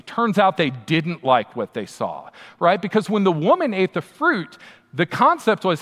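A man, a pastor, preaching a sermon in a conversational, emphatic way, often turning to the listeners with quick asides. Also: high-pitched, very animated, a bit bright. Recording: long hall reverb.

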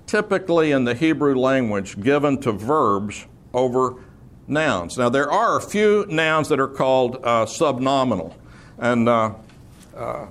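A man's voice: medium pitch, fairly bright tone. A man preaching an expository sermon, explaining terms patiently, repeating key words and slipping in dry humor. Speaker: preacher teaching scripture.

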